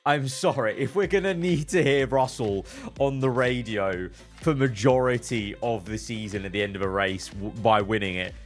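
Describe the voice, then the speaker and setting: A man hosting his channel, chatting through meme reactions, quipping quickly and laughing often. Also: mid-range voice, faint music behind. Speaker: channel host.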